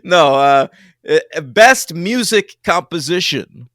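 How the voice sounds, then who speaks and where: A man co-hosting a film podcast in casual, animated chat with a lot of swearing. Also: a little high, slow pace, no room sound, clean studio sound. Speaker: podcast co-host.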